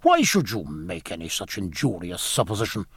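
A man's voice: sits low, huge pitch swings, moderate pace, fairly bright tone, breathy edge, no echo, studio quality, voice pushed down, full character voice. A man voicing a learned, prickly ship's surgeon, speaking in formal, wordy phrases. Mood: earnest.

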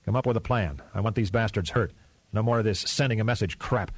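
Grimly calm, furious president, clipped and menacing, as a man reads him, low husky voice. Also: quick pace, no echo. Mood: blunt anger.

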